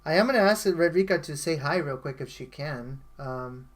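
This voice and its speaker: A host leading an online community meeting, earnest and encouraging, slowing down to stress key points. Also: mid-range voice, animated. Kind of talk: casual voice chat.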